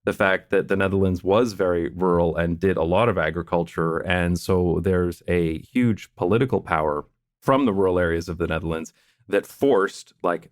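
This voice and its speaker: Deep-voiced man, dry close sound. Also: no room sound. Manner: explanatory, measured, laughs between points. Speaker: podcast host. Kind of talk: casual interview chat.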